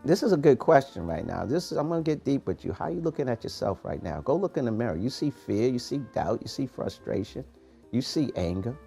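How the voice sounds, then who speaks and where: A man hosting a morning podcast, giving a preachy, animated motivational talk in street-casual phrasing. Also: mid-range voice, brisk, creaky, faint music behind. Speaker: podcast host, motivational coach.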